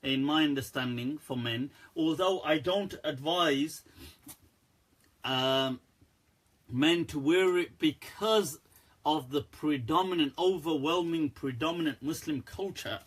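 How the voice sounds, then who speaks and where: A man, an Islamic scholar, answering viewer questions on a live stream in a candid, animated way, laughing often. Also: on the high side, takes it slowly, husky.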